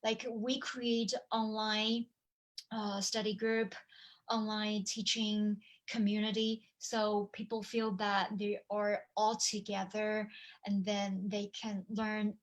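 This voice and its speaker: A woman teaching over a video call, lively and hands-on, humming examples and quizzing her listeners as she goes. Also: mid-range voice, takes it slowly. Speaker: language teacher and online course presenter. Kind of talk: live webinar talk with demonstration.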